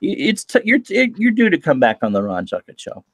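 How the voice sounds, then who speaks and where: Male co-host, teasing wisecracker, slightly high and very animated delivery, dry close audio. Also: no echo. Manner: wisecracking, quick teasing asides. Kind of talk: casual chat.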